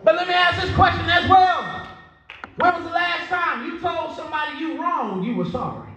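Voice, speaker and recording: A man preaching a sermon as pastor, telling a story and building to shouts, with a Southern US accent. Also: very high voice, normal speed. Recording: echoey church hall.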